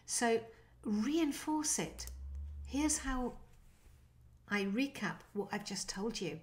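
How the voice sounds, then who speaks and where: A woman with a slightly high voice gives an online language lesson. She talks in a lively, encouraging way, coaching learners and demonstrating short French phrases. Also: slow.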